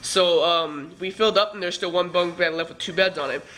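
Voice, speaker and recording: A man's voice: high voice, fairly quick, pushed and bright. A young man vlogging, telling a rambling, profane story full of fillers. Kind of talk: casual storytelling. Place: California trip, downtown L A.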